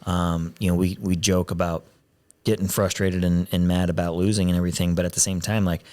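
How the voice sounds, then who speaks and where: A podcast host chats casually on a studio mic with headphones, rambling and frequently restarting. His voice is low, level and mellow, and he talks fairly quickly.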